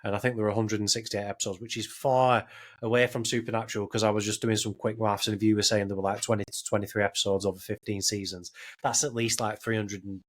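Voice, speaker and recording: A man's voice: fairly low pitch, level tone, fast talker. A man, hosting a casual podcast and rambling with many restarts and repeated words. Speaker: podcast host.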